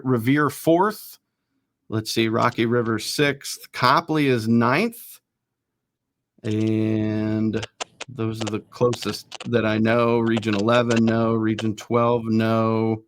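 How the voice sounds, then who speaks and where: A man hosting a casual sports talk show, rattling off rankings quickly with self-deprecating asides. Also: mid-range voice, fairly even intonation, background noise. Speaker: host.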